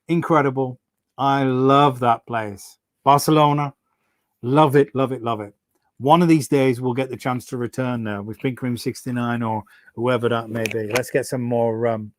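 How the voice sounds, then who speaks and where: A man's voice: mid-range voice, no room sound, clean studio sound. A middle-aged man hosts a casual live stream for his fans, telling rambling, enthusiastic stories full of restarts. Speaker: singer hosting a fan livestream.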